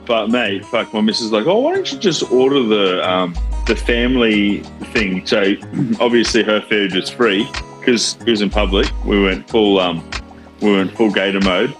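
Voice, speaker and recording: Young Australian man, low-ish voice, laddish podcast banter over faint music. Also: fairly bright tone. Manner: swearing, teasing, blokey. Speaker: podcast co-host. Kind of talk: casual banter.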